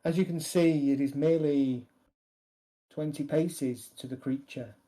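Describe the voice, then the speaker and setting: A man voicing a calm, matter-of-fact man who plans to blow up a monster, speaking flatly and without emotion. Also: fairly high pitch, close to an everyday voice, low-quality recording. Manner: flat, unemotional, deliberate.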